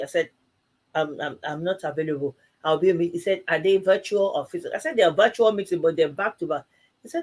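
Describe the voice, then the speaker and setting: A woman co-hosting a live church talk show, telling stories in a casual and animated way, laughing often and acting out both sides of each exchange. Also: fairly low pitch, quick pace. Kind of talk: casual conversational storytelling.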